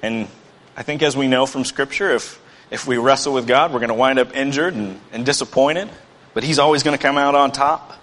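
A man's voice: medium pitch, a little fast, a bit bright, in a large hall. A man preaching a sermon as pastor, earnest and building to emphatic bursts.

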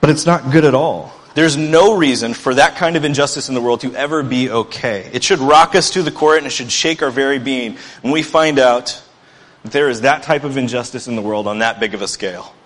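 A man's voice: medium pitch, fairly quick, fairly bright tone, long reverb tail. A man preaching a sermon as pastor, earnest and building to emphatic bursts.

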